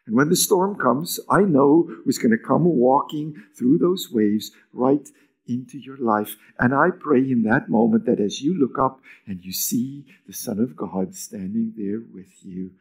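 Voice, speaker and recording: A man preaching a sermon as pastor, moving between emphatic lines and hushed near-whispers, with raised, lively pitch when acting out quoted lines. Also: measured pace, slightly rough.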